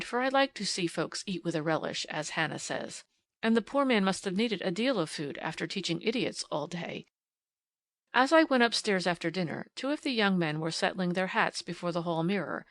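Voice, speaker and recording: A woman's voice: fairly low pitch, expressive, moderate pace, fairly bright tone, no room sound. A woman reading a classic novel aloud in scripted first-person audiobook narration, with a wry storytelling manner.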